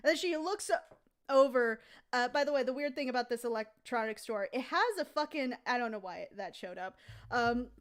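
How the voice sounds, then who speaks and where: A woman's voice: fairly high pitch, lively intonation, moderate pace. A woman casually telling a rambling, profane anecdote on a live stream. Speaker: comic artist streaming.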